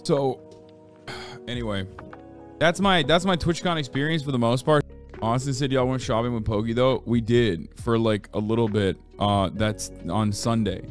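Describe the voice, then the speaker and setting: A man in his thirties chatting casually as a streamer, answering viewer questions, cursing freely and swinging between low mumbling and loud rants while in pain from an injury. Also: moderate pace, faint music behind. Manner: profane, ranting, shifts between low mumble and loud outbursts.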